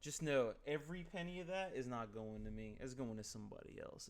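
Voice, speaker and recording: A male streamer improvising a comic scene at his home desk microphone. His talk is loose, playful and full of swearing, with a middling pitch. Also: steady tone, brisk, few pauses. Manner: casual, profane, playful. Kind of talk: improvised comedic role-play.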